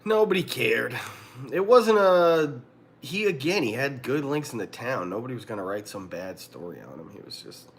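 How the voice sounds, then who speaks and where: A young man hosting a livestream, telling a story in a casual, animated way, laughing often and acting out what people said. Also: medium pitch, normal speed. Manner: animated, laughing often, acts out quoted lines. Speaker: livestream host.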